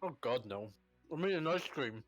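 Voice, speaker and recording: A man's voice: medium pitch, lively intonation, normal speed, faint music behind. A man playing a tabletop game, joking and giggling often. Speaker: player. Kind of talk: casual tabletop play.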